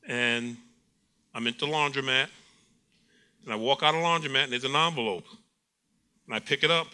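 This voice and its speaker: A man's voice: mid-range voice, normal speed, clear, resonant tone. A middle-aged man preaching a sermon, telling stories with acted-out quotes and frequent laughter. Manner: animated storytelling preacher, acts out quotes, laughs often. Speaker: pastor.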